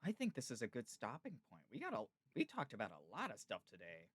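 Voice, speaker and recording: A man's voice: medium pitch, huge pitch swings, fast, slightly rough, no echo. Laid-back man hosting a rambling podcast. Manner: rambling, laid-back, heavy use of "like" and "dude". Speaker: podcast host. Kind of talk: casual chat.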